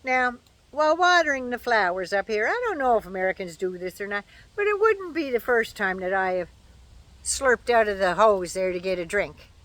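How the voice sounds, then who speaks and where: A woman's voice: mid-range voice, lively intonation, moderate pace, fairly bright tone, dry recording. An older woman chatting casually to camera outdoors at home, folksy and opinionated with dry asides. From Canada. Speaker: vlogger.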